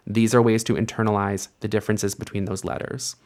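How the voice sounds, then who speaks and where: A young man teaching Biblical Hebrew, explaining letters patiently step by step and slowing down to read verses aloud. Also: lowish voice, flat delivery, a little mellow. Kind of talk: instructional lesson with slow read-aloud.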